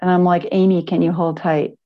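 Middle-aged woman, yoga teacher, earnest rambling class talk, lowish voice, dull lo-fi sound. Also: flat delivery, a little fast. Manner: earnest, rambling, with frequent restarts and laughs.

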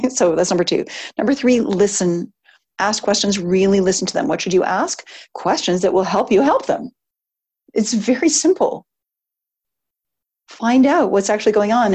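A woman's voice: lowish voice, gravelly, husky. Encouraging woman coaching a group. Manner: warm, encouraging, with frequent laughs and fillers; emphatic, lists numbered steps. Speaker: business coach. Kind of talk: live online coaching session.

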